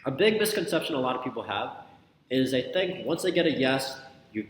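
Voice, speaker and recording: A young man teaching sales calls in a casual, energetic way, often acting out both sides of a phone conversation. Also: medium pitch, a little hiss or hum. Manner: energetic, repetitive, acts out both sides of the call. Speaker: sales coach. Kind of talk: casual instructional talk. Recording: echoey room with long reverb, faint ambience.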